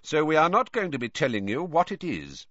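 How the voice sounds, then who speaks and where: A man's voice: on the high side, huge pitch swings, a bit bright, no room sound, pitched above the performer's own voice, full character voice. Brief: man as a weary formal ministry official, dry close sound. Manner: stiff, formal, deliberate. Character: weary formal older male official, ill-looking. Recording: dull, slightly lo-fi.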